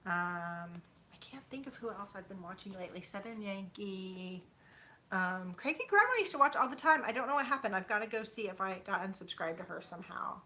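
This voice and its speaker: A woman's voice: medium pitch, animated, fairly quick, bright, forceful tone, a little hiss or hum. A woman in her thirties chatting casually with viewers at home, rambling with many fillers. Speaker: YouTuber. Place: home, sitting on a bed.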